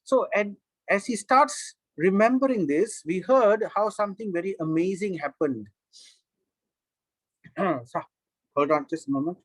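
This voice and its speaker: A man's voice: high-pitched, a little slow, pauses often, no echo, rough recording. A man teaching a scripture class, explaining at length with frequent restarts and fillers.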